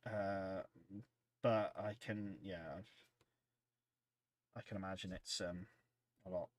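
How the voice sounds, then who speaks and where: A man's voice: deep voice, fairly even intonation, slow, dry recording. A man hosting a casual livestream, rambling in an easygoing way as he reads out chat messages. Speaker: livestream host.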